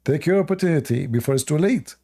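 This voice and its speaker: A man's voice: a little high, animated, fast, mellow. A man with a non-native English accent hosting a livestream and giving sarcastic, mocking commentary. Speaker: livestream debate host.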